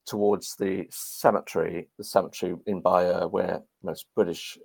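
Gravelly-voiced man, animated storyteller, former army clergyman, interview guest. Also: low voice, moderate pace. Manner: animated, anecdotal.

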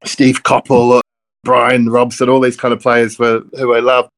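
A middle-aged man from Melbourne, a minister, telling stories in a relaxed conversational way that wanders off on tangents with self-deprecating jokes. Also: medium pitch, moderate pace. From Melbourne, Australia. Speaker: interview guest, Church of Christ minister.

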